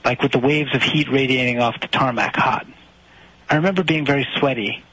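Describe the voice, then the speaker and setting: A man's voice: mid-range voice, fairly even intonation, a little fast, bright, forceful tone, breathy edge, dry recording, low-quality recording. A man in a comedic sketch, defensively telling a story and slipping into a put-on, formal delivery. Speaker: storyteller being recorded.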